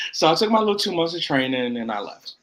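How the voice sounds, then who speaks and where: Bright-voiced man telling a rambling story. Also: on the high side, a little hiss or hum, poor audio. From Florida. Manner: rambling storyteller, quick asides and quoted self-talk. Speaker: indie pro wrestler guest. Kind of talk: casual podcast chat.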